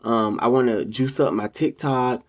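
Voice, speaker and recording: This vlogger talks casually to the camera at an even, moderate speed, yet the delivery turns preachy, with "ladies and gentlemen" cropping up again and again. Whenever he quotes someone, he acts it out, raising his voice in both pitch and volume.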